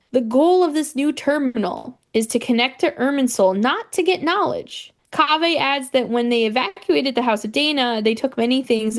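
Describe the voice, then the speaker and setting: A woman podcast host in casual chat, animatedly recapping a game's story and acting out the characters' lines. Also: a little high.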